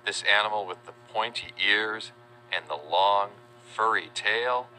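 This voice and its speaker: A man narrating a children's educational video, spelling out words letter by letter in a friendly, deliberate way. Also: on the low side, pushed and bright, a little hiss or hum. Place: voice-over.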